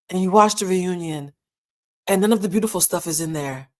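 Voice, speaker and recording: A woman commenting on a reality show in a candid, emotional way, with dramatic pauses and moments of being moved. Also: fairly low pitch, darkish tone.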